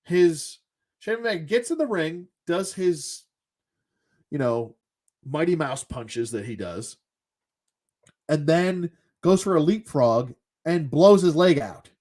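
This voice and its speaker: A man's voice: fairly high pitch, expressive, takes it slowly, pauses often, darkish tone. A man ranting casually as a show host, sarcastic and exasperated, swearing as he goes.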